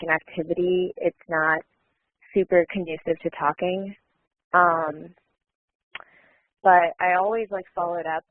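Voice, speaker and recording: A woman in casual chat on a call, relaxed and saying "like" a lot. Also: lowish voice, no echo. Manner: relaxed, filler-heavy, says "like" often. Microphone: call audio. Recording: thin phone-like dry call audio.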